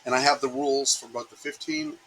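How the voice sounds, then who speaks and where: A man with a bright, forceful voice talks his trading team through their mindset, and he says every key point twice. He keeps asking "right?" to check they follow. A faint hiss sits under the recording. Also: medium pitch, fairly even intonation, a little fast, rough recording. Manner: emphatic, repeats key points, asks "right?" after each point. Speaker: trading coach. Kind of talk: market preview talk to his trading team.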